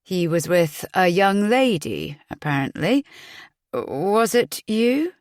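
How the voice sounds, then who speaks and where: A stern male police detective from an audiobook thriller, patient but probing, asking measured, pointed questions, as a woman narrator reads him. The voice sits low and unhurried, and the sound is close and dry. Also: sing-song, a little mellow, no echo.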